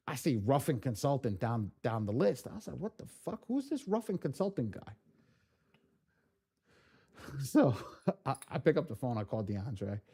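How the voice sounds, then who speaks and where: A man runs a live training class and drifts into loose, animated stories. His voice sits at an ordinary middle pitch. He swears freely and keeps breaking off his sentences to start them again. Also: husky. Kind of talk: casual live-stream storytelling.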